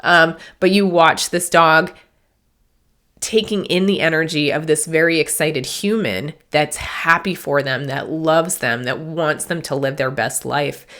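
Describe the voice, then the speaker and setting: A woman's voice: low voice, unhurried, fairly bright tone. A middle-aged woman hosting a spiritual podcast as a medium, talking in a rambling, earnest way with self-corrections, teary and sniffly. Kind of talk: casual spiritual podcast talk.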